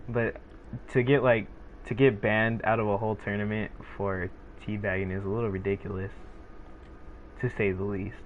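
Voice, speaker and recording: A teenage guy rambles with his viewers in a loose, laid-back way, piling up fillers and restarts. His voice sits a little low. The sound is thin and tinny like a phone line, with a faint hiss behind it. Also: little pitch movement, moderate pace. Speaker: gaming streamer. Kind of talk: casual rambling chat with viewers.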